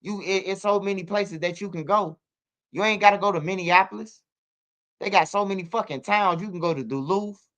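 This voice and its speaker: A man's voice: high voice, a little fast, a bit bright. A man hosting a casual livestream, emphatic, repeating himself and swearing freely. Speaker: streamer and channel host.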